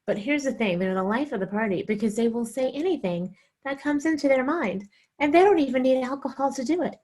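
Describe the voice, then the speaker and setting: A young woman from the American South telling a stand-up comedy story, animated and acting out the voices she quotes. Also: sits high, a little fast.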